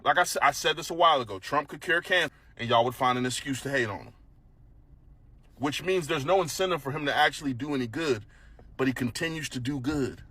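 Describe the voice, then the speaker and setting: A man's voice: medium pitch, brisk, bright, forceful tone, slightly rough, no echo. A man ranting in a mocking, sarcastic tone as a political commentator.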